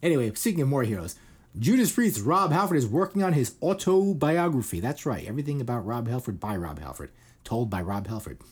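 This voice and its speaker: A middle-aged male podcast host chatting loosely about the week's news. He rambles and swears casually, and his slightly husky voice jumps widely up and down in pitch. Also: very animated, fairly quick. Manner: rambling, irreverent, swearing, many fillers.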